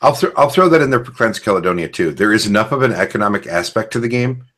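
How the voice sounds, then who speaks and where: A man's voice: on the low side, lively intonation, fast talker, fairly bright tone. A man hosting a podcast, chatting casually and explaining game rules at length. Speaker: podcast host. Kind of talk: casual rambling chat.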